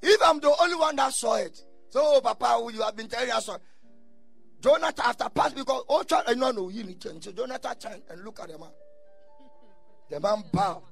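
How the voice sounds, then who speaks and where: A man preaching a sermon, telling stories and breaking into shouted bursts. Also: extremely high pitch, expressive, a little fast, creaky, soft background music. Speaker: pastor.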